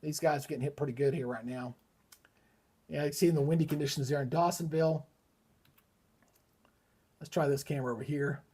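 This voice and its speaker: A man's voice: on the high side, fairly even intonation, fairly quick, pauses often, dark tone, husky. A middle-aged man hosting a live weather stream, heated and ranting, swearing often in casual commentary. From Georgia, USA. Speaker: weather livestream host.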